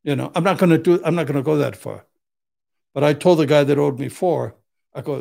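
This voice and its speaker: An older man who works as a criminal defense attorney speaks a little fast, his voice on the high side, creaky, and darkish in tone. Chatting casually, he's blunt and profane, acting out the quotes in his stories.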